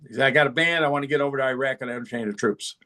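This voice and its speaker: A middle-aged man, a podcast guest, telling stories in a casual, animated way and acting out the voices of people he quotes. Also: mid-range voice, very fast. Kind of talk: casual storytelling.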